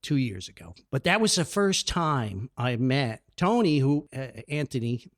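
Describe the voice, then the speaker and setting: A man's voice: medium pitch, unhurried, no room sound, clean studio sound. A man telling old neighborhood stories in a casual podcast monologue, laughing and acting out the dialogue. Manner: animated, laughing, acts out dialogue. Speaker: podcast storyteller. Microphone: studio mic.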